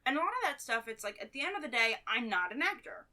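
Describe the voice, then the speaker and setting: Woman playwright guest, bright, chatty, talks in long run-ons. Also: fairly high pitch, very animated, quick pace. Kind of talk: casual podcast chat.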